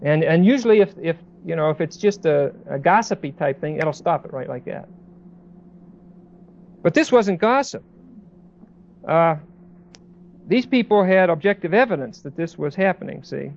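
A man preaching a Bible sermon in a conversational way, with many pauses and restarts, as a pastor. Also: fairly high pitch, expressive, vocal fry, dull audio.

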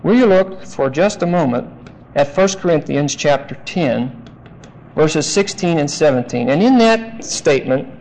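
A man's voice: on the high side, a little mellow, poor audio. A male pastor teaching through a Bible passage in an emphatic, explanatory sermon. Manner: emphatic, explanatory, deliberate phrasing.

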